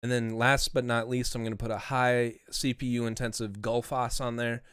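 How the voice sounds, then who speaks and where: A man's voice: medium pitch, flat delivery, moderate pace, a bit bright, smooth, no echo, clean studio sound. A man streaming live as a mastering engineer, talking casually and rambling, swearing now and then.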